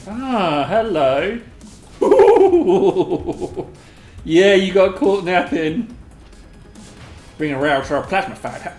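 A host giving live gameplay commentary, excitable and giggly, squealing a high catchphrase, then muttering quietly to themself. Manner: mutters quietly to self between bursts. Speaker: gaming video host. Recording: roomy echo, faint game music behind.

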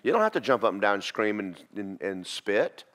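Male pastor, folksy sermon storyteller, low and lively. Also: brisk. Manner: folksy, animated storytelling with acted voices. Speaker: pastor teaching a church class.

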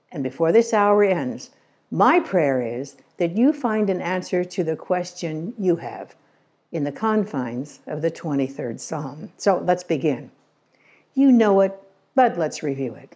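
Older woman, inspirational talk, conversational, gently humorous, low warm voice. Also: slightly rough. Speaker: Christian Science lecturer. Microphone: remote recording.

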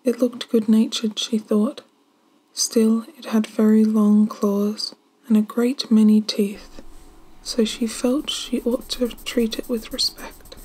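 A woman narrating a storybook in a soft, partly whispered reading voice. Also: on the high side, level tone, unhurried, poor audio.

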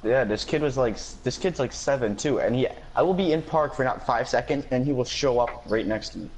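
A man's voice: medium pitch, lively intonation, fairly quick, poor audio. A young man with a mid-range voice, teasing and trash-talking while he games with his friends. His delivery is casual and cocky. Faint noise sits in the background. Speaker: gamer. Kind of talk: casual chat while gaming.

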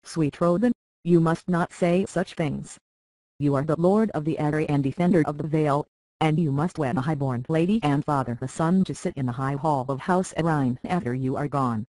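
A reader giving voice to a soft-spoken young highborn girl from a storybook, measured and soothing. The tone sits at an even middle pitch, recorded close and dry. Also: no echo, natural voice, rough recording. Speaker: lady tending a young lord. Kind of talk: audiobook character reading.

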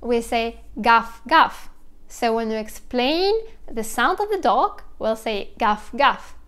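A young woman with a Russian accent explains sounds in a casual vlog, lively and imitating animal noises as she goes. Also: fairly high pitch, unhurried, smooth. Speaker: language teacher vlogger.

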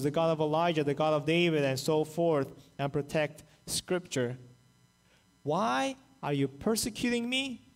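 Male pastor, high-pitched, lively storyteller voicing quotes in his sermon. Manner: animated storytelling, acts out quoted voices. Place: church, online service.

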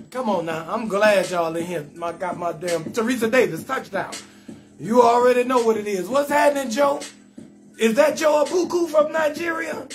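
A man hosting a live comedy stream, shouting out viewers and roasting their names in a loud, sing-song, laughing way. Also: high voice.

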